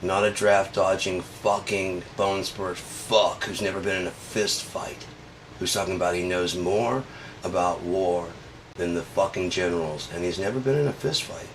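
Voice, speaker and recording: A man's voice: low-pitched, moderate pace, a little hiss or hum. A man delivering a sarcastic, profane comedic rant.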